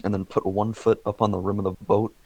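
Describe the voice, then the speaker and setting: A man playing in a tabletop game, chatting casually and swearing excitedly. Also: lowish voice, quick pace, vocal fry, no echo. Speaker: player. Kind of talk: casual role-play chat.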